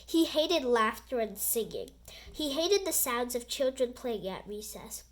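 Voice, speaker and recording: A woman reading a children's book aloud in an animated, expressive storytelling voice. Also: fairly high pitch, unhurried.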